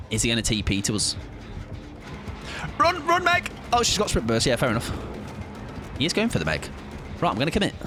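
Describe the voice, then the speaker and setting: A young English man chatting casually with his viewers while playing a game on a livestream. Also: fairly high pitch. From England. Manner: chatty, jokey, reads chat aloud while playing. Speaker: streamer. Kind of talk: casual gaming livestream chat.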